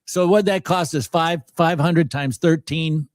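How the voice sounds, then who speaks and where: An excitable man co-hosts a live trading stream, calling out prices and ticking countdowns. His voice sits a little high. The sound is dry and close, with no room echo. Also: measured pace. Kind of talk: live market commentary.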